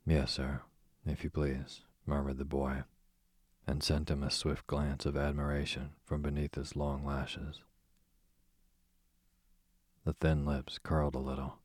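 A man narrating an audiobook in a measured, even reading. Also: rumbling low, no echo. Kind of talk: scripted narration.

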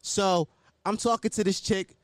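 A man's voice: high-pitched, steady tone, unhurried, no echo, clean studio sound. A man telling a rambling, profane personal story in a casual way.

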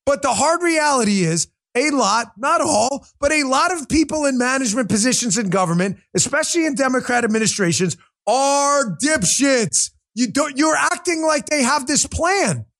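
Male podcast host, high and very animated voice, sarcastic, profane, rant-style commentary. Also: brisk, creaky, few pauses. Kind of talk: ranting political commentary.

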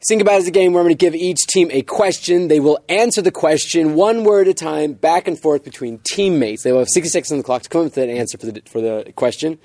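A man's voice: a little high, a little mellow, dry recording. A man hosting an improv comedy game show, reading stage directions and explaining rules in an upbeat way. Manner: upbeat, quick to laugh.

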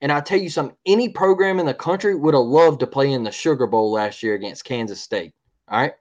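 A man's voice: medium pitch, fast talker, a little mellow, highs cut off. A man co-hosting a sports podcast, ranting in a heated, repetitive way and often asking "all right?". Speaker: podcast co-host.

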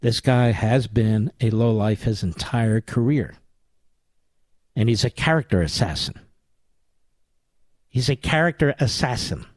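Older male radio host from Philadelphia, emphatic sarcastic delivery, pitch rises and falls widely. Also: animated, unhurried, pauses often, no echo. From Philadelphia area, US. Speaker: radio talk show host. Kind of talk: political talk radio monologue.

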